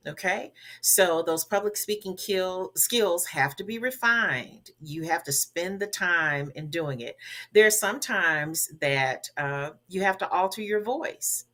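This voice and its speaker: A woman's voice: fairly low pitch, lively intonation, slow pace, pushed and bright. A woman who grew up in the American South, a guest coach giving emphatic, instructive public speaking advice on a talk show, with only a faint Southern accent left. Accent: Southern US, softened. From Southern United States. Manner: emphatic, instructive, repeats key words.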